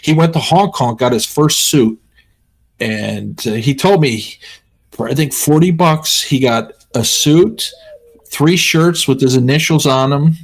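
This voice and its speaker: Casting: husky-voiced man, casual storyteller, mid pitch, rambling delivery. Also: measured pace. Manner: rambling anecdotes with laughs and acted-out quotes. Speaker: streamer.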